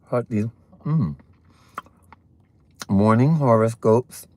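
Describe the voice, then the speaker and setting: Very slow and a little mellow, the mid-range voice belongs to a host chatting casually with viewers during a morning livestream. Breakfast is on the go, so the talk comes between bites, sprinkled with sassy, playful asides.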